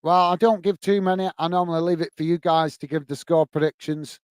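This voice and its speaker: A male streamer provides friendly live commentary on a football match while saying hello to chat. He talks fairly quickly in a slightly high, clean, steady voice, recorded without echo.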